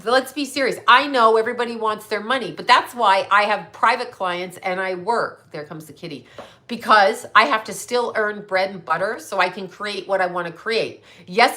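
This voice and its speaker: A middle-aged woman talks straight to her live audience, blunt and indignant, with plenty of swearing. Her voice is bright and forceful, and she sits in an ordinary middle register. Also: mid-range voice. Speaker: livestream host. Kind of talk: casual livestream rant.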